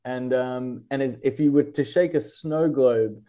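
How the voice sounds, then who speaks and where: A man's voice: medium pitch, measured pace, mellow. A man with an Australian accent, a guest writer talking casually in a podcast interview, rambling and thoughtful with many fillers and restarts.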